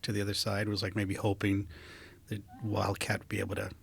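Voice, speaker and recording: A male podcast host with a low, gravelly and husky voice and a flat delivery. He asks his guest questions slowly and lets them trail off. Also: dry recording. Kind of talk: interview questions.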